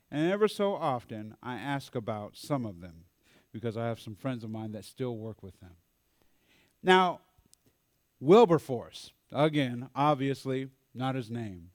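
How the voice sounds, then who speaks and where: A man giving a storytelling talk at a church mental health forum, animated and acting out the voices of people he quotes. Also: mid-range voice, no echo, studio quality.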